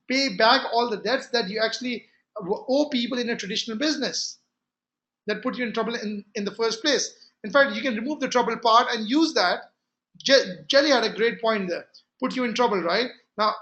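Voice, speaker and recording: High, bright-voiced man giving sales training. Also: moderate pace. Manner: emphatic, repeats key phrases, frequent restarts.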